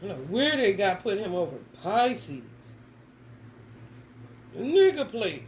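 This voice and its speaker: A woman's voice: medium pitch, lively intonation, moderate pace, slight background noise, poor audio. A young adult woman giving a casual tarot reading, talking bluntly and emphatically with plenty of cursing and slang. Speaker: tarot reader.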